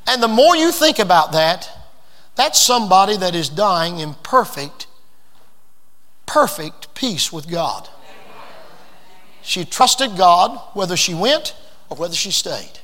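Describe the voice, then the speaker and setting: A man preaching a sermon, telling a story and building to fervent shouts, in a hall with long reverb. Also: high-pitched, big pitch swings, takes it slowly, long pauses. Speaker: pastor.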